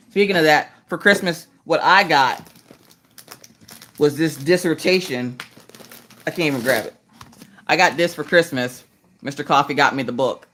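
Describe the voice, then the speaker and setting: A woman, chatting casually and joking on a crafting live stream while she works. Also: pushed and bright. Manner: joking, self-deprecating, jumps into high squeaky voices to greet viewers. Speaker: livestream host doing diamond painting.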